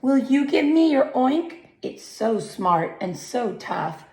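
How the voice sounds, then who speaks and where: Woman voicing a pleading young turkey hen; squawky, high, roomy echo, storybook. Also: big pitch swings, slow pace, a little mellow, full character voice. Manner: high squawking gobbles, whiny begging. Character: young female turkey, self-pitying and pleading.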